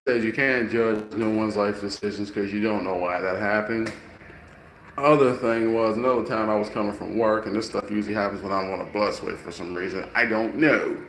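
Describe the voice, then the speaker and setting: A man's voice: lowish voice, steady tone, brisk, a bit bright. A man telling everyday stories in an earnest, preaching way. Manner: earnest, preachy, acts out voices. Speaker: storyteller. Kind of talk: casual storytelling monologue. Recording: roomy, faint background noise.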